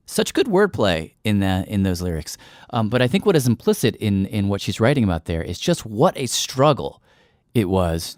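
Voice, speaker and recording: A man hosting a podcast, musing thoughtfully with some halting restarts. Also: on the low side, no room sound, clean studio sound. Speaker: podcast host. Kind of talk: casual hosting.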